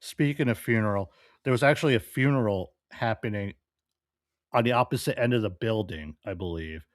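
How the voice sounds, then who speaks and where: A man hosting a show, giving offhand casual commentary between clips and trailing off softly at the ends of lines. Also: lowish voice, fairly quick, no echo, studio quality. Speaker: show host narrating over clips.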